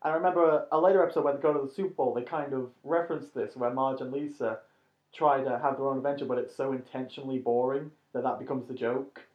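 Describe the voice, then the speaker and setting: A man's voice: medium pitch, fairly even intonation, fast talker. Dry-voiced man in an echoey room. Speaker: podcast co-host. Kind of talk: casual chat reviewing a cartoon episode. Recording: muffled recording in a roomy space.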